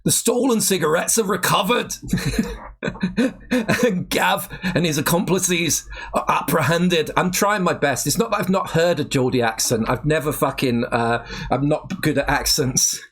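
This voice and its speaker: A man's voice: a little high, normal speed, a bit bright, husky. A man co-hosting a casual chat, reading aloud and bantering with self-mocking laughs. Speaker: podcast co-host.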